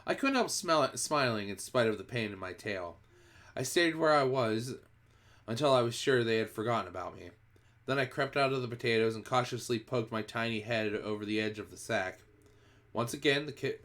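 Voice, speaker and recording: A man's voice: mid-range voice, a bit bright. A man reads a children's book aloud on a livestream, telling it in the first person. He reads expressively in a mid-range voice and often backs up to restart a phrase. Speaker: streamer reading a book aloud. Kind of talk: first-person storybook reading.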